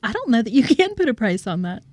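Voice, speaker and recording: A real estate agent co-hosting a podcast talks fast and very animatedly in a fairly high voice. She's chatty in casual conversation, laughs often, and repeats words as she starts a thought; the recording is dry.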